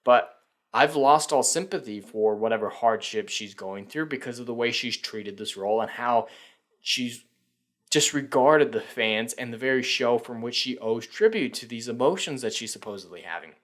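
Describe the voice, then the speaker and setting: A man's voice: medium pitch, lively intonation, normal speed, a bit bright. A man hosting a fan news channel, giving sarcastic, profane, opinionated commentary.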